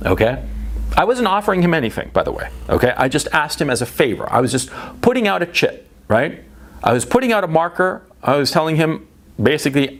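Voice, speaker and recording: A man talking in a casual monologue, blunt and profane, repeating phrases for emphasis and tagging lines with quick questions. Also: mid-range voice, very animated. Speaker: vlogger.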